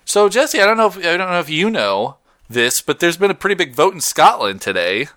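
Lively bright-voiced man chatting casually. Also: high-pitched, fairly quick, no echo, studio quality. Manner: rambling, self-correcting, laughs often. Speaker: podcast co-host. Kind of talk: casual chat.

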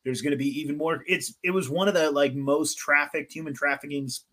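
A man's voice: on the high side, brisk. A young man in casual podcast chat, swearing freely and laughing as he talks. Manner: profane, laughing, excitable. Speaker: podcast co-host or guest.

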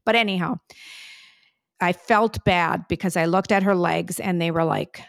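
A woman co-hosting a casual family podcast, telling stories in a chatty, animated way. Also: on the low side, normal speed, creaky, no room sound, studio quality. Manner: chatty storyteller, animated retelling. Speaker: podcast co-host, mother. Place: New York City.

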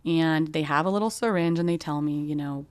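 A young adult woman with a notably low-pitched voice tells a personal story as a podcast host. She speaks candidly and with open emotion, dropping in casual fillers. Her voice sounds close and dry, with no room around it. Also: fairly quick, smooth, no echo.

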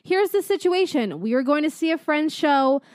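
A woman's voice: high voice, lively intonation, moderate pace, a little mellow, dry recording, studio quality. A young woman in her twenties co-hosting a casual podcast chat, talkative and teasing, with lots of filler words. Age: 20s. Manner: chatty, frequent "like" fillers, teasing. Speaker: podcast co-host.

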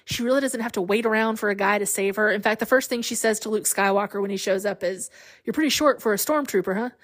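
A woman in her forties hosting a podcast in casual chat, chatty and animated, laughing often. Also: mid-range voice, fast talker. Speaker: podcast host.

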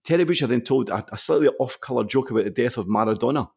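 A Scottish man co-hosting a casual podcast, telling lively anecdotes. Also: medium pitch, fast, gravelly, husky. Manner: animated anecdotal storytelling. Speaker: podcast co-host.

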